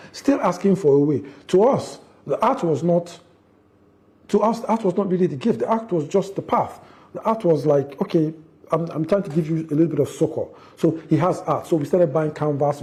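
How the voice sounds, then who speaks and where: A middle-aged man, telling a family story in an interview, animated and acting out the quotes, with frequent restarts. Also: a little high. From Nigeria. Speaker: interview guest, father.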